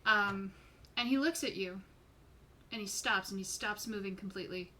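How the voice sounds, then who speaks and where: A woman's voice: medium pitch, moderate pace, pushed and bright, slight background noise. A woman narrating as game master in an online tabletop game. She describes scenes informally and swears casually.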